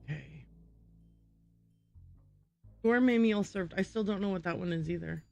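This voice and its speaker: A woman's voice: fairly low pitch, a little slow, creaky, darkish tone, faint music behind. A woman streaming a game, thinking aloud and muttering to herself as she works through word puzzles. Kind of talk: casual gameplay livestream.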